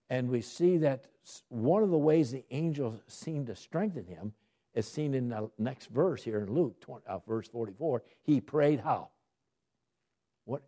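Male Bible teacher, sermon delivery, husky, animated pitch, questions his listeners. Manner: asks the listeners questions and answers them himself; lively, rising emphasis on key words. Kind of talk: sermon-style Bible study.

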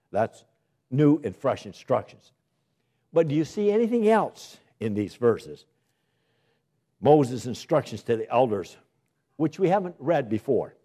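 A man's voice: fairly high pitch, dark tone. A man preaching a sermon, putting questions to the congregation, answering them himself and repeating his exhortations with urgency.

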